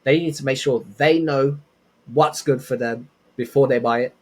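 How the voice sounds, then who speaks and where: A man's voice: mid-range voice, normal speed. A young man, a podcast guest, telling casual rambling stories with lots of restarts. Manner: rambling, animated anecdotes with many restarts. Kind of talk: casual storytelling.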